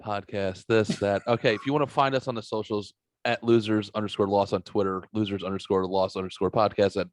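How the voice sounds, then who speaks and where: A man's voice: lowish voice, steady tone, fairly quick, no room sound. A man hosting a podcast, talking in a profane, rambling, self-mocking way. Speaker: podcast host. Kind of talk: casual podcast banter.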